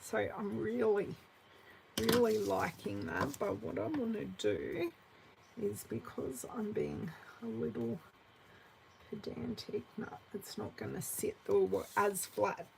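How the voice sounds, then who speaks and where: A woman in her forties with an Australian accent, chatting through a live card-making class, answering viewers by name and muttering softly to herself as she works. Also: medium pitch, big pitch swings, takes it slowly, vocal fry, noisy background. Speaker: craft demonstrator.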